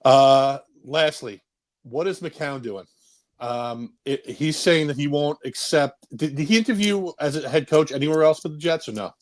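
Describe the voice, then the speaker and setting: A man calling into a live show, chatting casually and hesitantly with many pauses. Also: fairly high pitch. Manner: rambling, hesitant, lots of uhs. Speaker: caller. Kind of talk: casual call-in chat.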